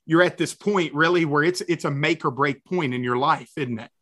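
A man's voice: a little high, moderate pace, a bit bright. A man hosting a faith podcast, interjecting with enthusiasm and often repeating words as he talks. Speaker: podcast host.

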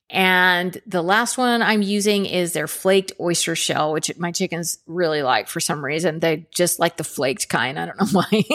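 A woman's voice: fairly low pitch, fairly bright tone. A woman hosting her own podcast, talking casually and chattily, often laughing and checking in with "okay?". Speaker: podcast host. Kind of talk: casual solo podcast talk.

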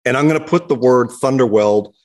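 A man's voice: mid-range voice, a little fast, a little mellow. A man, co-hosting a car podcast in a playful, teasing, mock-stern way. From Canada. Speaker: podcast co-host. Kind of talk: casual chat. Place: podcast studio.

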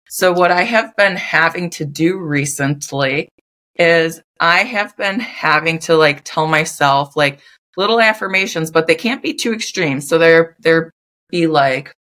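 Low-voiced chatty young woman podcaster. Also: a bit bright. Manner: loose and unscripted, heavy use of "like" fillers. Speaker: podcast host. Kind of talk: casual solo podcast chat.

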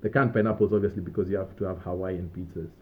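A man's voice: low-pitched, fast talker. Laid-back man telling stories, tinny sound. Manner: relaxed, rambling, with small laughs and restarts. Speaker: podcast host. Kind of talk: casual storytelling monologue. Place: Australia.

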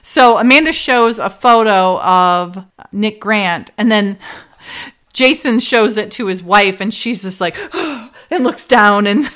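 A woman co-hosting a casual podcast, recapping a TV episode and acting out the characters' lines with frequent laughs. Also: medium pitch. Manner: animated, acts out characters' lines and laughs often. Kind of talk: casual chat.

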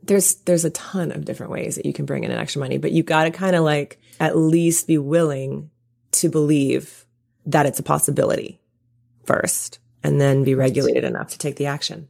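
A woman with a notably low voice speaks as a podcast guest and coach. She offers practical, encouraging advice in a relaxed, conversational way. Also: brisk, vocal fry. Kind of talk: casual interview chat.

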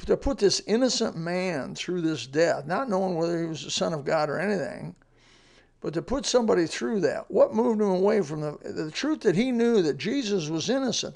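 A man's voice: sits high, animated, moderate pace, gravelly, a little mellow. A man giving a short devotional sermon in a plainspoken, earnest way, with folksy asides. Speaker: radio devotional speaker.

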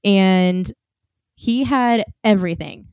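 A woman with a light Southern American accent co-hosts a faith podcast, joking at her own expense. Her voice is smooth and clear. The recording is dry and close. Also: mid-range voice, takes it slowly, a little mellow, dry recording. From Oklahoma, USA. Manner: joking, self-deprecating. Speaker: podcast co-host. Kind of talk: casual faith podcast chat.

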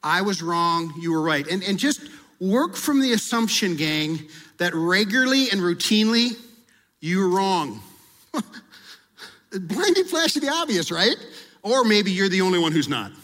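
A male pastor with a high, slightly bright voice gives a sermon in a conversational, down-to-earth style, very animated but a little slow, with long pauses. Along the way he acts out prayers and confessions. A long reverb suggests a large hall.

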